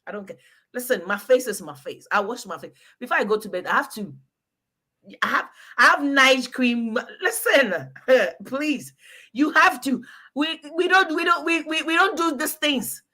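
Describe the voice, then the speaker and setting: A woman's voice: sits high, expressive, moderate pace, bright, forceful tone. A woman from Ghana, chatting casually and emphatically while giving relationship advice and calling out to a listener by name. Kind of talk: casual chat.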